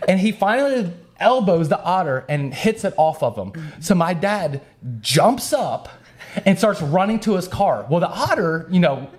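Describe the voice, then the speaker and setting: A man's voice: sits high, measured pace. A young man casually telling a funny story on a podcast, laughing as he goes and acting out the voices. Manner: animated, laughs while telling, acts out voices.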